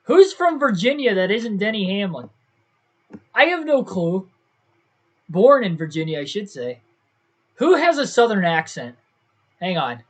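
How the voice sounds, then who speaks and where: Young male gaming streamer, casual and self-doubting, a bit higher-pitched than most men, on a desk mic. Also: very animated, measured pace, pauses often. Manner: thinks aloud, second-guesses himself. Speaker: gaming livestreamer. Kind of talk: casual livestream commentary.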